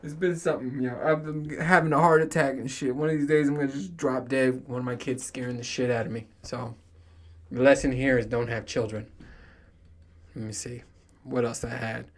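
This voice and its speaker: A man's voice: mid-range voice, steady tone, brisk. A man in his thirties hosting a solo podcast, chatting casually in a rambling, profane way and laughing often. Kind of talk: casual monologue.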